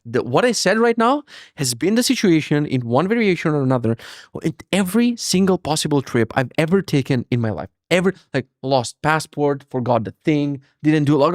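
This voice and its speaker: A man in his thirties hosting a podcast, telling a story as a casual rant, animated, cursing freely and mocking himself. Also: a little high, brisk, dry recording, studio quality. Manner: animated, profane, self-mocking. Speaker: podcast host.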